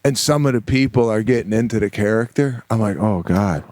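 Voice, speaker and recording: A middle-aged man co-hosting a podcast, telling a story in casual comic chat, animated and mock-exasperated, with swearing. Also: on the low side, brisk, dry recording. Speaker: podcast co-host.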